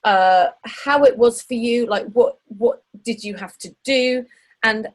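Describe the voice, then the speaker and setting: A woman hosting a podcast and coaching her guest in casual interview chat, chatty and quick to laugh. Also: a little high, poor audio. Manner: chatty, laughs often, animated.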